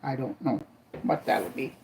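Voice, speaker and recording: A man's voice: mid-range voice, lively intonation, measured pace, gravelly, darkish tone, slight background noise. An older man from Minnesota hosting a live stream, chatting casually in a rambling, folksy way while he cooks. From Minnesota, USA. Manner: rambling, folksy, trailing off with "I don't know"; cooking while he talks. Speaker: livestream host.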